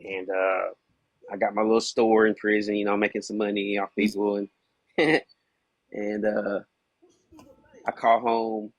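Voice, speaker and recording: A man's voice: lowish voice, level tone, measured pace, pauses often, no echo. A man guesting on a podcast, casually and candidly telling a hard personal story, peppered with "you know what I mean.".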